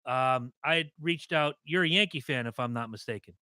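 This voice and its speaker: A man hosting a podcast, animated and joking, acting out quotes in his stories. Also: mid-range voice, a little fast, no echo, studio quality. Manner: animated, acts out quotes in loud voices. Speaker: podcast host. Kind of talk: casual podcast interview.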